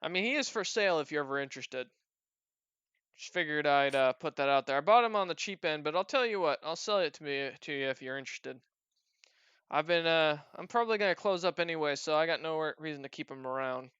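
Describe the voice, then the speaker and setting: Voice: medium pitch, animated, fast, fairly bright tone, clean tone, no echo, lo-fi sound, close to an everyday voice. Game master doing a chatty tavern bartender. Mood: salesy. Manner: rambling, offhand sales patter.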